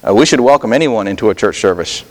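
A male pastor preaching a sermon in a conversational style, often pausing on fillers and restarting his sentences. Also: lowish voice, animated, in a large hall. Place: church sanctuary.

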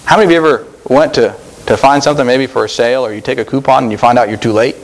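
A man's voice: mid-range voice, very fast. A man preaching an earnest sermon at a church service, rising for emphasis and repeating his phrases. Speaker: pastor.

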